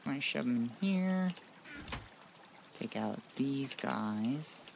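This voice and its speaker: A man's voice: mid-range voice, animated, slow pace, creaky, slight background noise. Man muttering through casual game commentary. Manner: chatty, self-deprecating, often mutters quietly to himself. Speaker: gaming streamer.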